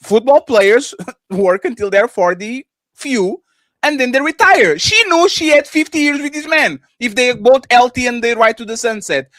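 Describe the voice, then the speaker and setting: A man's voice: very high voice, moderate pace, a bit bright, no room sound, clean studio sound. A man co-hosting a heated panel debate over a video call, insistent and cutting in by repeating the other panelist's name. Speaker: co-host.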